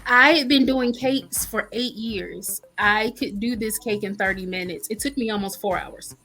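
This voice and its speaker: A woman guest chef telling her story in a casual interview, lively and acting out what people said. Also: mid-range voice, normal speed, faint music behind. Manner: animated, acts out quoted dialogue.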